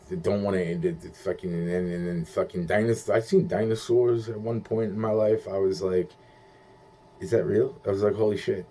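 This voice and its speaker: A man's voice: deep voice, darkish tone. A young man rambling in a profane monologue, stumbling through restarts and acting out quoted voices.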